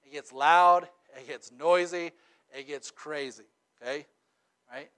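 A middle-aged man preaching a sermon in a conversational way, often checking in with "okay?" and "right?". He swings from loud, emphatic stretches to quiet, intimate ones. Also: a little high, steady tone, measured pace, clean tone. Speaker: pastor.

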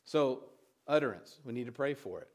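A man preaching a sermon, telling a personal story in a halting way with many restarts. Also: mid-range voice, lively intonation. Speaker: pastor.

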